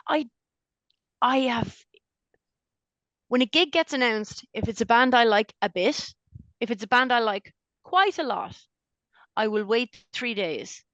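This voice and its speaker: A woman's voice: mid-range voice, dry recording, highs cut off. A middle-aged woman, a podcast co-host telling stories in casual chat, swearing freely and laughing often. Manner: profane, animated storyteller, laughs often.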